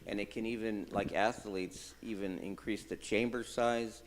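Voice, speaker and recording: Congregant man, lowish voice, explanatory and hesitant. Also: steady tone, moderate pace. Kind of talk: casual sharing.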